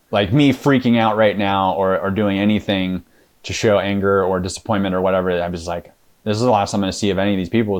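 Low-voiced man telling his story haltingly. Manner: halting, many fillers and restarts, acts out dialogue. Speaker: interview guest. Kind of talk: casual storytelling interview.

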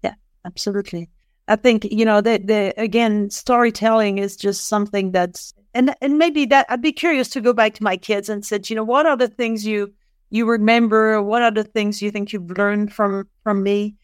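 A middle-aged woman speaking as a podcast guest, thoughtful and explanatory, often restarting her sentences as she works through an idea. Her voice sits at a medium pitch and the recording is dry and close, with no room sound. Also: steady tone, moderate pace, clean tone, dry recording. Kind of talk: interview conversation.

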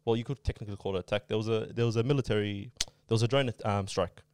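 A man's voice: lowish voice, steady tone, racing, darkish tone, a little hiss or hum. A man in casual podcast chat, explaining at length with many fillers and asides. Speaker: podcast co-host.

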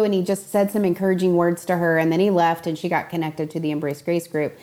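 Young woman guest, earnest storyteller, lowish pitch, casual interview talk. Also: fairly even intonation, quick pace, hardly any pauses, warm tone. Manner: earnest storytelling, acts out quoted voices.

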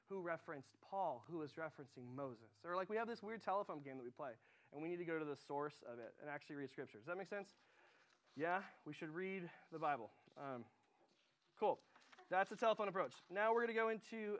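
A young man delivers a youth sermon in a loose, conversational style, stumbling over restarts and filling pauses with ums. His voice sits a little above the usual male range. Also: a little high, a bit bright. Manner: casual, conversational, many fillers. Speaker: high school director.

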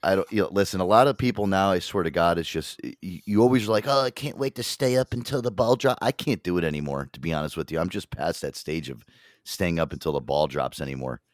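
A man's voice: deep voice, fast, no echo, clean studio sound. A man hosting a casual podcast chat, rambling and swearing freely. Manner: rambling, swears often, animated. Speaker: podcast host.

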